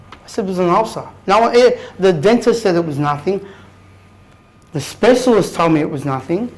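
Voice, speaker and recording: In a low-quality recording, an Australian man in his thirties speaks as a guest before a room of listeners. His voice runs on the high side as he tells his own story bluntly and candidly, swearing in a casual way.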